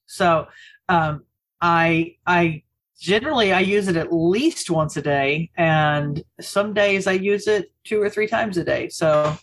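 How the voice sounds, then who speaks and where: A woman's voice: fairly low pitch, slow. A woman co-hosting a podcast, chatting casually and wryly, with many fillers. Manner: wry, self-deprecating, many fillers. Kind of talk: casual chat, recommendation.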